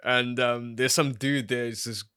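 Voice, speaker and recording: A man's voice: medium pitch, measured pace, clear, resonant tone, no echo, clean studio sound. A man co-hosting a casual film podcast, laughing and swearing as he talks. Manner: laughing, swearing, lively asides. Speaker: podcast co-host.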